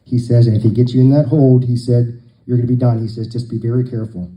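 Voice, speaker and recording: A man's voice: medium pitch, flat delivery, fast, dull audio. A man telling long jokes to a live crowd, a folksy storyteller who acts out the dialogue.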